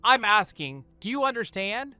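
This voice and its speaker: A man voicing a hot-tempered teenage male ninja who talks loud, demanding and whiny. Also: sits high, sing-song, normal speed, clean tone, no room sound, soft background music, pitched above the performer's own voice, full character voice. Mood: threatening.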